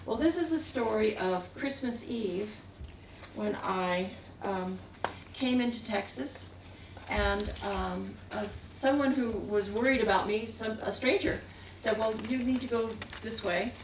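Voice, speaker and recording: A woman's voice: mid-range voice, measured pace. A woman telling a rambling story from across an echoey room. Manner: meandering, with frequent chuckles. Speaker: artist giving a talk. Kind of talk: anecdotal storytelling. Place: museum gallery room. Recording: echoey room, distant mic, faint hiss.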